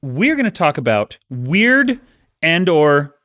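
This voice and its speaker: Lively, animated man in a dry studio. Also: fairly high pitch, takes it slowly, dry recording. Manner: animated, playful storytelling. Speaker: podcast co-host, author. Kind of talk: casual chat.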